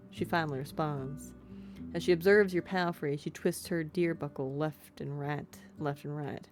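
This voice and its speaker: A woman's voice: low voice, fairly even intonation, normal speed, soft background music. A woman streamer playing a story game, reading the text aloud and chatting in a casual, self-deprecating, giggly way. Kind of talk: casual let's-play commentary and narration.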